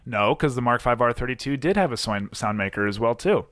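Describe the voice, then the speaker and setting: A man's voice: mid-range voice, expressive, fairly quick, fairly bright tone, dry recording. Male podcast host, mid-range voice, casual banter, recorded dry and close. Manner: laid-back, joking, talks in fits and starts. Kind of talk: casual car chat.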